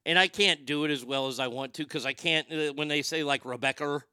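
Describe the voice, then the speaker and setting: A man's voice: on the high side, brisk, sharp tone, clean tone, no echo, clean studio sound. A man hosting a comedic news commentary show, rambling sarcastically and swearing freely. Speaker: show host.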